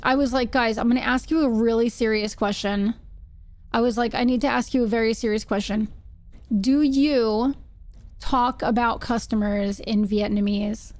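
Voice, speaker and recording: A woman streamer telling animated stories while playing a game, acting out quotes and screaming when startled. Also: fairly high pitch, normal speed, no room sound. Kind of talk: casual storytelling while gaming.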